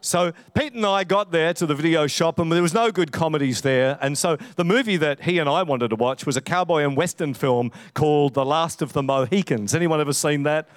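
A man preaching a conversational sermon, telling humorous stories in an animated, chatty way. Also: fairly high pitch, a little fast, hardly any pauses, dry recording, clean studio sound. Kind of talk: sermon with storytelling.

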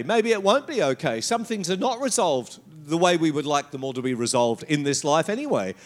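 A middle-aged man preaches a sermon in a conversational, animated way. His voice sits a little high for a man and swings widely in pitch, rising and falling as he drives his points home. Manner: animated preaching with mocking quoted asides and laughter. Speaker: pastor.

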